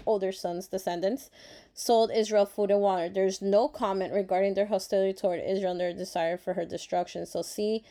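Woman, casual devotional vlog, warm mellow tone, earnest and reflective, chatty with fillers. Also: mid-range voice. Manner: openly emotional and grateful. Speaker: Bible study vlogger. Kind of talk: casual Bible devotional reading.

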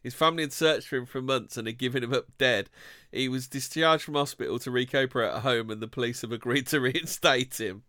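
Bright, dry man reading news bits. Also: mid-range voice, brisk, no echo. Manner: reads odd news items aloud with dry asides. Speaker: co-host. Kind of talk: casual chat, reading news snippets.

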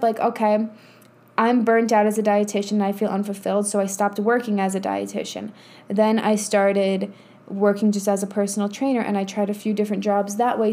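A woman's voice: mid-range voice, dark tone. A woman in her thirties hosting a casual motivational monologue as a spiritual coach, blunt and profane, laughing often. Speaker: podcast host and spiritual coach.

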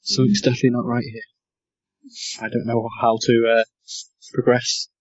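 A man's voice: mid-range voice, completely flat delivery, moderate pace, no echo. A man playing a character in a tabletop role-playing game, speaking politely and a little hesitantly. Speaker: player. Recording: dull lo-fi sound.

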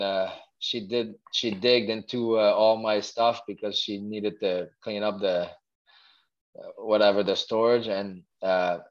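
Man telling stories haltingly. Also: medium pitch, muffled recording. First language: French. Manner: halting, many restarts and fillers. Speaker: guest, former athlete. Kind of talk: casual storytelling interview.

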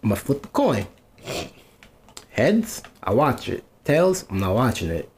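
A man in casual podcast chat, an animated storyteller who acts out quoted exchanges and swears freely. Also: mid-range voice, unhurried.

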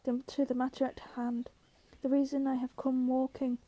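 A woman voicing an ancient, towering male tree monster that makes slow, booming proclamations. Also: little pitch movement, warm tone, lo-fi sound. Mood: ominous.

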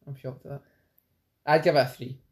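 A woman with an unusually deep, dark voice co-hosts a podcast. She teases and chuckles through casual, relaxed banter. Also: a little fast. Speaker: podcast co-host. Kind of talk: casual chat.

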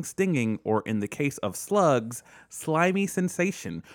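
Animated jokey man hosting a podcast. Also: medium pitch, no echo, studio quality. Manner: animated, jokey, laughs often, mimics voices. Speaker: podcast host. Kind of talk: casual podcast chat.

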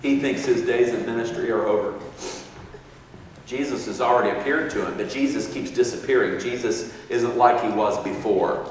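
A man's voice: medium pitch, fairly even intonation, normal speed, slight background noise. A man preaching a sermon in a church with a fervent, exclaiming delivery, heard from far off in an echoey hall.

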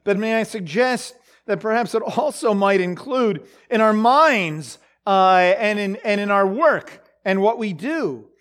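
A man with a high-pitched voice gives a relaxed Bible teaching, working through the text out loud. He talks haltingly, with many fillers and restarts, and keeps checking in with his listeners through questions. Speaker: preacher.

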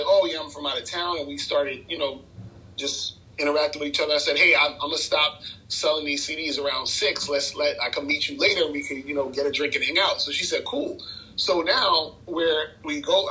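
A man's voice: fairly high pitch, bright, forceful tone, low-quality recording. A man, telling a dating story in casual chat, loose and rambling, laughing often. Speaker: podcast guest, dating coach.

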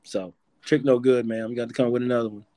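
A man's voice: medium pitch, flat delivery, fast, warm tone, dry recording. A man hosting a live audio-room show, talking loosely and profanely as he teases his guests. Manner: loose, profane, teasing banter. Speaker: podcast host.

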